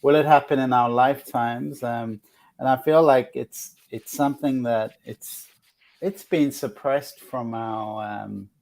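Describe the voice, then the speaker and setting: A man's voice: medium pitch, fairly even intonation, a little slow, vocal fry, darkish tone. A man hosting a casual spiritual chat, talking in a reflective, earnest way with many restarts. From outside the United States. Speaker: host.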